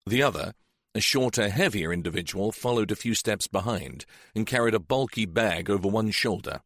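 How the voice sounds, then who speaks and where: Measured male audiobook narrator. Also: fairly low pitch, fairly bright tone, dry recording, clean studio sound. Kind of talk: scripted narration.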